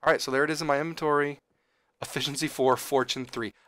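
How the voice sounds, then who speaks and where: A man hosting a gaming channel, chatting casually as he plays, excitable and chatty, often exclaiming. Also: a little high, fast talker. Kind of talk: casual game commentary.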